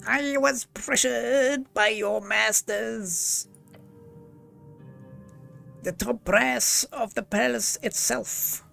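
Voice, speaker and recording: A man voicing a tiny, threatening goblin queen with a shrill, gravelly voice and a contemptuous, imperious manner. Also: drawn-out words, pauses often, pushed and bright, soft background music, heavily acted. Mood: haughty. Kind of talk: video game dialogue read aloud.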